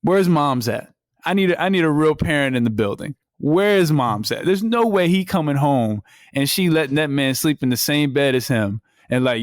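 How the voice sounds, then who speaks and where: A man co-hosting a wrestling podcast in casual chat, animated, acting out quotes in slang. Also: a little high, moderate pace, no room sound, studio quality. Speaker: podcast co-host.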